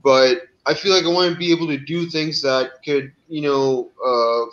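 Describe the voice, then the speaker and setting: A man's voice: on the high side, normal speed. Hesitant man on a dull line. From Pakistan. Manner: hesitant, excited, many fillers. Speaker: caller. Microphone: video call. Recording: dull lo-fi video call audio.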